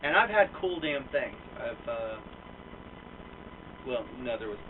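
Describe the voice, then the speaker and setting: A young American man telling a story and ranting, swearing freely and poking fun at himself. His pitch leaps up and down as he talks. He sits back from the mic, and the sound is thin and tinny, like a phone line. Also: takes it slowly, distant mic, background noise. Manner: profane, animated, self-mocking, lots of fillers. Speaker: vlogger. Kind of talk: casual storytelling rant.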